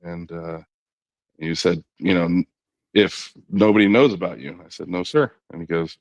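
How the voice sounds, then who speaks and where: A middle-aged man, a podcast guest, telling a long personal story in a relaxed conversational way, quoting others in his own voice with frequent "you know" and restarts. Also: low-pitched, normal speed, no room sound. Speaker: podcast guest, former knuckleball pitcher.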